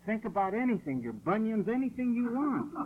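Forceful preacher on tinny radio. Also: male voice, high voice, very animated, brisk, a little hiss or hum. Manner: forceful, insistent, repeats phrases for emphasis. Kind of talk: sermon. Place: church hall.

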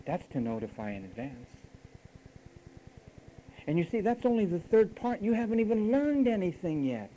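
Emphatic man preaching with hushed asides. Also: sits high, big pitch swings, moderate pace, pauses often, a little hiss or hum, rough recording. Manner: emphatic, teasing, swings between loud and hushed. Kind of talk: sermon.

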